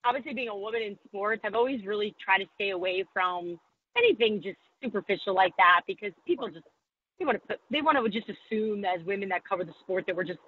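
A woman's voice: mid-range voice, husky, narrow, tinny audio. A woman sports reporter talking candidly in a podcast interview, poking fun at herself. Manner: candid, self-deprecating, quotes people in put-on voices.

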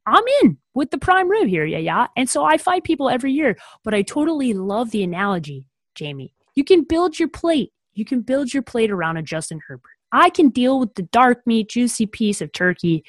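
A woman co-hosts a podcast, speaking a little higher than most. She talks emphatically and with animation, making blunt declarations. The sound is dry and close. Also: sing-song, brisk, few pauses, dry recording. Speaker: podcast co-host. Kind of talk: casual podcast chat.

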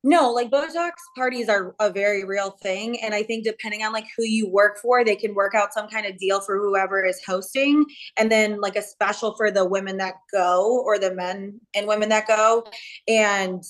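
A woman's voice: medium pitch, normal speed. A woman who works as a cosmetic injector, explaining things casually and hedging with lots of fillers on a podcast.

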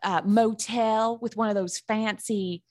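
A woman's voice: medium pitch, fairly even intonation, measured pace, a little mellow, natural voice. A woman voicing a brash Southern cowgirl in a thick, exaggerated put-on Southern accent, drawling and bossy. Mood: dreamy. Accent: thick put-on Southern American.

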